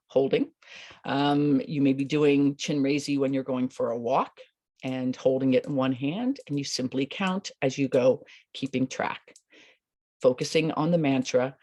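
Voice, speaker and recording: A woman teaching a meditation practice, speaking in a calm, unhurried and gentle way. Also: a bass voice. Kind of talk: instructional talk.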